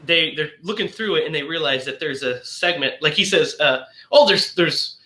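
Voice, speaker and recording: A man's voice: fairly high pitch, fairly quick, pushed and bright, reverberant. A man hosting a podcast, casually recapping a film in a rambling way and acting out lines with laughs. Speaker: podcast host.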